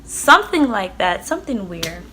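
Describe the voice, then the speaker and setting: A woman's voice: mid-range voice, very animated, normal speed, sharp tone, slight background noise. Young woman spilling a story, super chatty, lots of likes and ums, swears a bunch. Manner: chatty, swears freely, many fillers. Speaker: vlogger. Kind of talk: casual storytelling.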